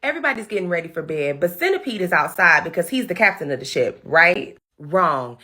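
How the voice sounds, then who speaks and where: A woman's voice: on the low side, big pitch swings, fairly quick, pushed and bright. A woman hosting a comedic movie recap, telling the story in a sassy, slangy style.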